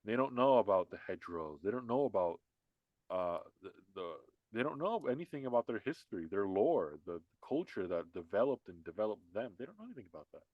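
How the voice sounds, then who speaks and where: A man's voice: on the low side, big pitch swings, brisk, dry recording, narrow, tinny audio. A man co-hosting a casual podcast, talking in a heated, emphatic way, repeating himself with many restarts. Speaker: podcast co-host. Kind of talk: casual political podcast chat.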